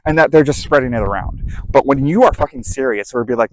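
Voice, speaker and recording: A self-help speaker with a mid-range voice talks fast in a heated, blunt motivational monologue about emotional processing, full of profanity. The recording is rough.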